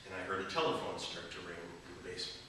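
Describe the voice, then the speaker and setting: A man's voice: deep voice, little pitch movement, rapid-fire, bright, forceful tone, slight background noise. A man giving a sermon as a bishop, telling stories and jokes to a gathering. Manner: storytelling, joking. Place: gathering hall. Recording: echoey hall, mic from far off.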